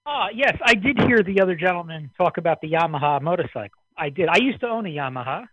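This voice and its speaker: A man from the Midwest rambles easily on an amateur radio net, a bit out of breath. His voice sits slightly high. It comes through dry and narrow, like a radio link. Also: fast, husky, no echo. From American Midwest. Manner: relaxed, rambling. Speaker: caller on the net. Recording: dry radio transmission, phone-like band.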